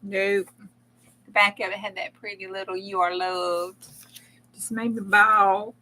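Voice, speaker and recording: A woman's voice: mid-range voice, flat delivery, normal speed, pushed and bright. A woman hosting a casual crafting live stream, effusive and chatty, laughing often and close to tears.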